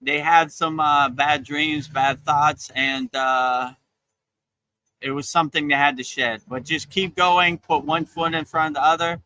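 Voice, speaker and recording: A man giving a casual spiritual talk as a teacher, relaxed and encouraging, often repeating his phrases. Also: a little high, unhurried, rough recording. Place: outdoors on a beach.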